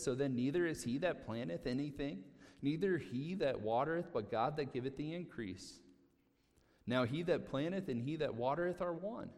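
A man preaches in a relaxed, conversational way, restarting and repeating phrases as he goes. His voice sits at a middle pitch. A long reverb trails off every sentence from the large hall. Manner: conversational, animated preaching with repetitions. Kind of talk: sermon.

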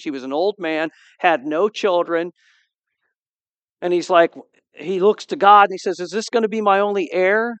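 A man preaching a sermon as pastor, reading scripture and acting out dialogue with animated emphasis, asking the congregation to respond. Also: high voice, clear, resonant tone, dry recording, lo-fi sound. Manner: animated, acts out quoted dialogue.

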